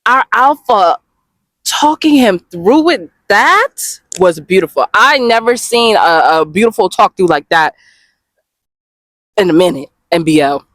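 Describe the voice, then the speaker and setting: A woman giving a casual, expressive reaction review of comics, swearing freely and talking straight to her viewers. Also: on the low side, moderate pace, no room sound. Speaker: webcomic reviewer.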